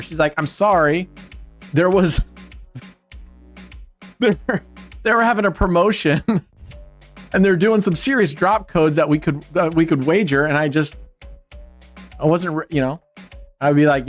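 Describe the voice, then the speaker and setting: A man's voice: on the high side, a little slow, long pauses, faint music behind. Joking male livestream host. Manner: joking, teasing banter with chat. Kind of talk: casual livestream chat.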